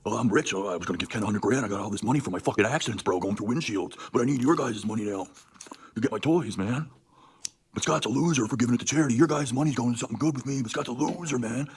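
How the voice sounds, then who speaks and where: A man putting on a whiny, drawn-out voice to mock another man as a lazy loser. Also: medium pitch, breathy edge, pitched above the performer's own voice. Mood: sneering.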